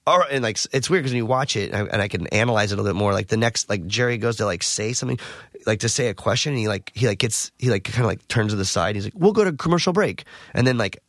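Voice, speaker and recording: Male podcast guest, quick rambling storyteller, dry studio sound. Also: fairly low pitch, dry recording. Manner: rambling, animated, heavy use of "like". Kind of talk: casual storytelling.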